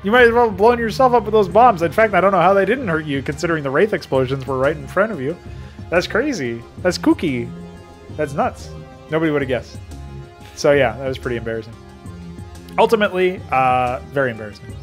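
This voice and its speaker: A man's voice: fairly high pitch, expressive, fairly quick, soft background music. A young man casually commenting on his own game campaign, self-mocking, swearing a lot and laughing often.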